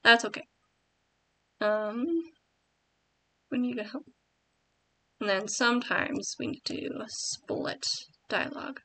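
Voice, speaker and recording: A woman vlogger thinking aloud about writing, soft and hesitant, often correcting herself. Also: on the high side, steady tone, slow, pauses often, a little hiss or hum. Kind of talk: thinking aloud while typing.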